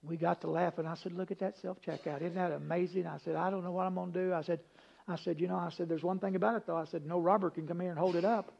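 A man preaching a folksy, humorous sermon, rambling into stories and dropping from loud emphasis to hushed asides. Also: high-pitched, fairly even intonation, quick pace, gravelly, slightly rough. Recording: dull lo-fi recording.

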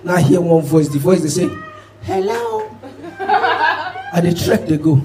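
A man telling a stand-up story in Nigerian Pidgin English, animated and punchy, moving from quiet asides to shouted punchlines. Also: on the high side, moderate pace, poor audio. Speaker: stand-up comedian. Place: live comedy show before an audience. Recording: loud audience laughter throughout.

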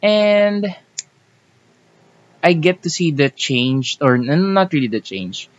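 A young man with a Filipino accent chats slowly and unhurriedly, his pitch rising and falling a lot. He hesitates, repeats phrases and hunts for words. The recording sounds muffled and lo-fi. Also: animated. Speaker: podcast co-host. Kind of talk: casual conversation.

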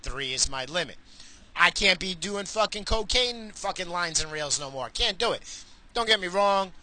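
A middle-aged man from the United States ranting casually and profanely to his viewers while driving, animated, cursing and mocking himself. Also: high voice, normal speed, rough recording. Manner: animated, swearing, self-mocking. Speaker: vlogger.

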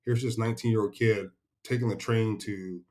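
A man's voice: lowish voice, fairly even intonation, normal speed, darkish tone. A middle-aged man, a retired senior military leader, is a podcast guest telling laid-back, salty war stories with frequent chuckles. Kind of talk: casual storytelling interview.

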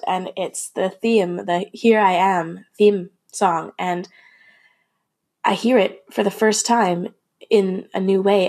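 Candid woman telling a personal story. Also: medium pitch. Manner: candid and emotional, with laughs, swearing and frequent restarts.

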